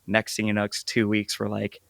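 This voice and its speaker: A man's voice: lowish voice, a little fast, creaky, dry recording, studio quality. A man in his thirties co-hosting a podcast, chatting casually and telling stories with lots of "like". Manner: relaxed, storytelling with filler "like". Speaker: podcast co-host. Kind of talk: casual chat.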